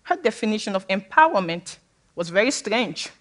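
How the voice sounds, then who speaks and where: A public speaker from Sierra Leone, a woman with a medium-pitched, very animated, fairly bright voice, gives a personal talk to an audience at a moderate pace. She speaks candidly and with humor, laughing often. There's a little hiss or hum on the recording.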